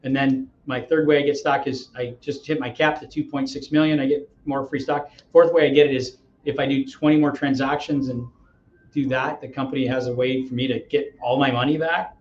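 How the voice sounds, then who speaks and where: A lively middle-aged man talks as an interview guest, a touch high-voiced and eager to persuade. His voice rings in a roomy space. The audio is dull and carries a faint hiss behind him. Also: brisk. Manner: energetic, acts out dialogues, persuasive. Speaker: real estate agent, podcast guest. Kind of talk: interview storytelling.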